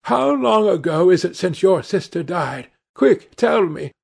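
A man voicing a cornered young gentleman who turns cold and triumphant, his voice raised and strained. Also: a little high, a little fast, breathy edge. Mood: panicked.

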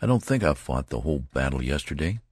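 A brash young soldier with a huffy rustic drawl, his voice pushed up well above a deep natural register, as a male reader puts him on. The sound is husky and close, with no room around it. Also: very animated, fast, no room sound, heavily acted. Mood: conciliating. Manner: rustic soldier's dialect, loud and indignant.

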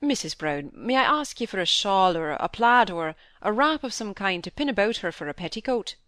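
A woman reading an audiobook, voicing a hearty middle-aged country doctor who talks to his daughter in a brisk, fond, teasing way. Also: mid-range voice, lively intonation, a bit bright, dry recording, studio quality, lightly acted.

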